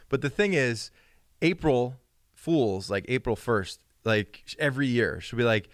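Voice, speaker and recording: Speaking at normal speed, a podcast co-host chats casually and tells stories with animation, voicing the quoted lines with a rising pitch. The recording is dry and clean, studio-grade.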